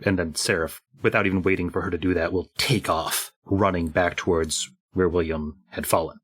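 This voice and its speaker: A man's voice: deep voice, steady tone, moderate pace, a bit bright, husky. A man playing a tabletop game, thinking aloud casually about his character's actions. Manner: thinking aloud, hesitant fillers. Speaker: player.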